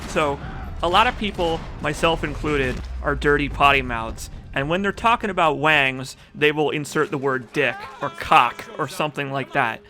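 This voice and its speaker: Man, speedrun commentary, slightly high voice, crude and jokey, game music clear behind. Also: normal speed, sharp tone. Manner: joking, profane and rambling, reads chat aloud. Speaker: speedrunner commenting on his own run.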